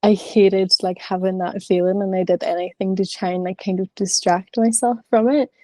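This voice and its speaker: This woman, in her thirties, talks candidly and chattily during an online class, using lots of filler words. The voice is medium-pitched, warm, and steady, at a normal speed, and the recording has no echo.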